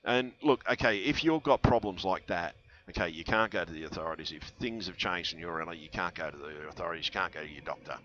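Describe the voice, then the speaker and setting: A man's voice: low voice, fast talker, a bit bright. A man rambling to his viewers in a conspiratorial vlog monologue, full of fillers and restarts, on a headset mic. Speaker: vlogger. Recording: dull lo-fi headset audio.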